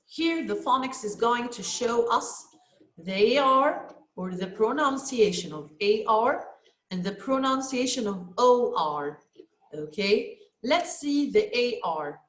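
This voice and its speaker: A woman's voice: fairly high pitch, a bit bright. A woman with an Egyptian Arabic accent teaching a children's English lesson online, patient, repeating each word for her students. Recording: echoey room.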